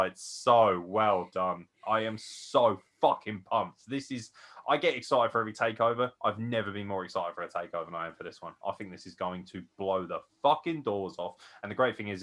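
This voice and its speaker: A tired man co-hosting a wrestling podcast, gushing excitedly and swearing a lot as he rambles. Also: low voice. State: tired from no sleep. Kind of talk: excited casual chat.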